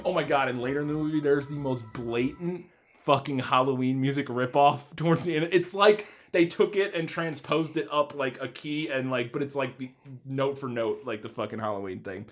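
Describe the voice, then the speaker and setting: A man's voice: mid-range voice, normal speed. A man hosting a casual film podcast, rambling, laughing often and swearing freely. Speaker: podcast host. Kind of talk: casual chat.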